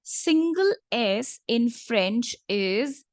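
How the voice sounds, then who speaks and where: A woman teaching a French lesson in English, patiently repeating each word slowly for learners. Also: mid-range voice, no room sound, studio quality. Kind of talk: online language lesson.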